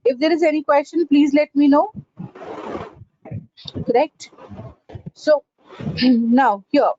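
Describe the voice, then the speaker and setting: A woman's voice: sits high, slow pace, warm tone, slight background noise. A woman leading an online pronunciation training session, explaining step by step with frequent "uh, you know" and "right?" checks. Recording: dull lo-fi recording.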